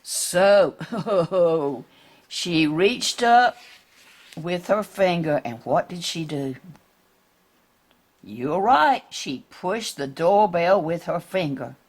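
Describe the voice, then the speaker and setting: A woman reads a picture book aloud to children, slowly and gently. Her pitch rises and falls widely, and her voice has a husky edge. She keeps asking the little ones what they see. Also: expressive. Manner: gentle, questioning children along.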